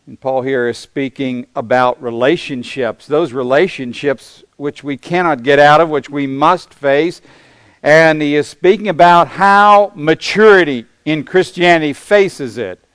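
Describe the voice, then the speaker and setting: A man preaching a sermon, teaching through a scripture passage in a measured, deliberate way with emphatic pauses. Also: fairly high pitch, fairly bright tone, smooth, no echo. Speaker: pastor.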